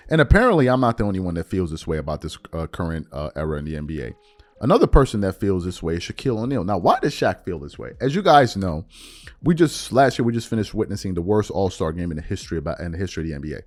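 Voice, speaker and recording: A low-pitched man running a casual podcast monologue, talking with lively swings in his voice. He repeats phrases for emphasis and pushes up toward near-shouting when something bothers him, with faint music underneath. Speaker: podcast host.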